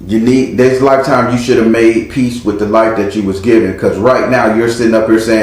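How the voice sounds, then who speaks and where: A man's voice: mid-range voice, fairly even intonation, fairly quick, hardly any pauses, darkish tone. A man giving a casual past-life tarot reading, blunt and profane, telling the story vividly with sound effects. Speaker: tarot reader. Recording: very echoey room.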